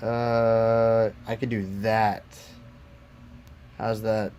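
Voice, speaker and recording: A man's voice: medium pitch, expressive, a little slow, long pauses, a little hiss or hum. A man streaming from his phone, talking to himself and to chat while he tries to work out the app's settings. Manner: frustrated, muttering while fiddling with phone settings. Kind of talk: casual live-stream chat.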